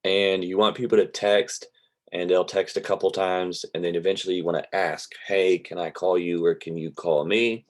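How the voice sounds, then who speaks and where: A man, teaching an online real estate class in a relaxed, rambling way over a video call. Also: sits low, normal speed. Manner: relaxed, rambling, drawls with y'all. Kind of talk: casual online class lecture. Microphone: computer mic on a video call.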